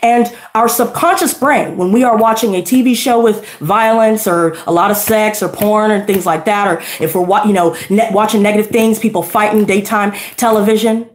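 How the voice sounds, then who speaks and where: A woman's voice: medium pitch, fairly even intonation, moderate pace, few pauses. Blunt, profane woman ranting in an echoey room. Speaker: tarot reader. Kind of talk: unscripted tarot reading rant.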